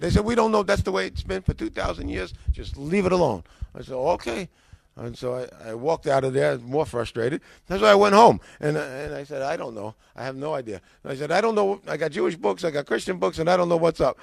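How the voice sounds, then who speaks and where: A man's voice: on the high side, brisk, vocal fry, dry recording. An older man with an American accent, a former pastor, casually telling his story and acting out the dialogue with a rising voice. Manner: animated, acts out dialogue with rising voice.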